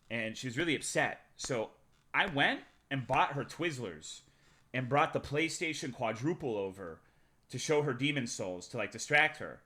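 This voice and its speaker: A male streamer telling a rambling, profane personal story to his live chat, swinging between loud bursts and muttering. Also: medium pitch, lively intonation, a little slow. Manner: profane, rambling anecdote with big swings in loudness.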